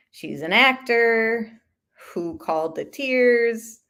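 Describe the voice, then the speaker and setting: A woman's voice: on the high side, fairly bright tone, smooth. A woman hosting a live commentary stream in a casual, opinionated, conversational way, reading viewer comments aloud as she goes. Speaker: commentary channel host.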